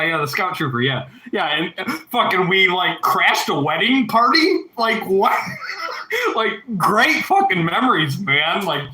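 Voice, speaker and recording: A man in his thirties chats loosely with his livestream audience, swearing freely and drifting between stories. His voice is sharp and sits a little high, and the room around him is echoey. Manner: rambling, heavy swearing, reads chat aloud. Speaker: livestream host. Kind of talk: casual livestream chat.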